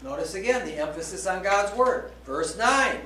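Male preacher, emphatic Bible teaching, high voice, distant mic in a roomy hall. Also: expressive, pushed and bright, slight background noise. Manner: emphatic, frequent "okay?" check-ins, slows down to stress key words. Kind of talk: sermon. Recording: roomy echo, voice from a distance, faint background ambience.

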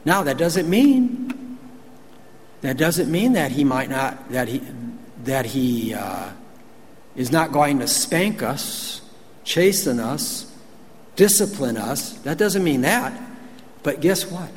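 Man, fairly high voice, folksy emphatic sermon, long hall reverb, faint background noise. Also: lively intonation, takes it slowly, long pauses. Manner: folksy, emphatic, asks the congregation questions. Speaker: preacher. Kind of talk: conversational sermon.

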